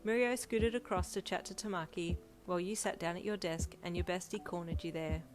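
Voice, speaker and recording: A woman's voice: lowish voice, fairly quick. Woman narrating a fanfiction audiobook. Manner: steady storytelling narration. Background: faint lo-fi music.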